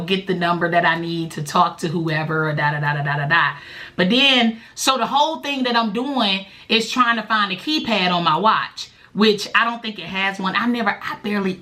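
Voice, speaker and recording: A woman vlogger, telling a story in a chatty, animated way straight to the viewer. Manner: bursts into a high, loud voice when quoting herself. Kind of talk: casual storytime vlog.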